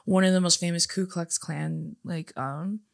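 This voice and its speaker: A young woman co-hosting a podcast, telling personal stories in a relaxed, candid way. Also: fairly low pitch, unhurried, vocal fry. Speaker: podcast co-host. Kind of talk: casual chat.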